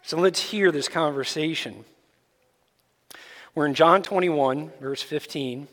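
A man preaching a sermon as pastor, explaining scripture in a deliberate, emphatic way. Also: fairly high pitch, a bit bright. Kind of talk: expository sermon. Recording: long reverb in a large hall.

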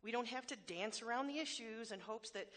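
A woman's voice: on the high side, a little fast, fairly bright tone. Woman preacher, candid sermon delivery, emphatic repetitions, self-deprecating humor. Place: church hall before a congregation.

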